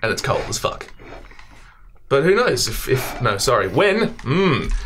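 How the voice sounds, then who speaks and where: A man's voice: mid-range voice, big pitch swings, measured pace, a bit bright. Young Australian guy, self-mocking podcast co-host, laughs a lot, slight background hiss. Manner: joking, swearing, self-mocking, laughs often. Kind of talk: casual podcast chat.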